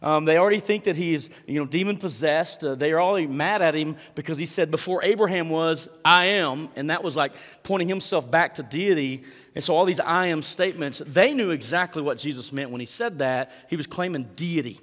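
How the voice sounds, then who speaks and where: A man with a fairly high, fairly bright voice speaks a little fast in a big-room setting, preaching a sermon as pastor. Earnest and conversational, he reads scripture and prays, using fillers and repeating words.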